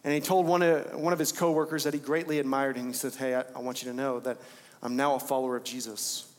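A man's voice: medium pitch, little pitch movement, quick pace. A young adult man preaching a sermon as pastor of a church, impassioned and repeating phrases for emphasis. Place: church sanctuary. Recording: church hall reverb.

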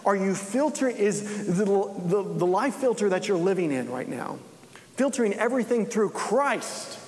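A man with a fairly high voice preaches earnestly, firing probing questions one after another. His words ring out with a long reverb, as if spoken in a large hall. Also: lively intonation, moderate pace, darkish tone.

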